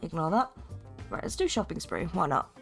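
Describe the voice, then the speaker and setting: Chatty woman playing a game on stream, goes off on tangents, quiet music under it. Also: on the low side, very animated, moderate pace, vocal fry. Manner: chatty, rambling, self-interrupting asides. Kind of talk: casual game commentary and reading aloud.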